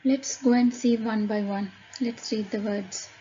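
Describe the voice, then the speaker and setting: A woman teacher giving a phonics lesson, reading word lists aloud slowly and deliberately, calling out each word loudly. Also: on the high side, fairly even intonation, dull audio.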